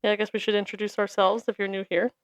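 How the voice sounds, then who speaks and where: A woman's voice: mid-range voice, level tone, fast, clear, resonant tone. A woman co-hosting a podcast, speaking in a laid-back, wry, casual way. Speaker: podcast co-host.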